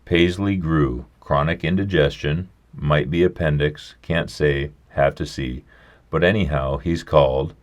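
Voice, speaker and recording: A man doing a gruff folksy old country doctor. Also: rumbling low, fairly even intonation. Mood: brisk. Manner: brisk, gruff, folksy drawl.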